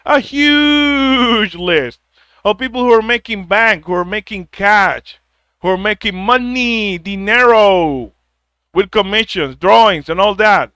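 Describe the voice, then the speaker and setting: A man's voice: high voice, takes it slowly, bright, forceful tone, clear, resonant tone, no room sound. A man ranting bluntly with a lot of profanity, stumbling over repeated words as he gives harsh life advice. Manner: mocks others in put-on whiny quotes. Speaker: vlogger giving advice. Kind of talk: ranting monologue.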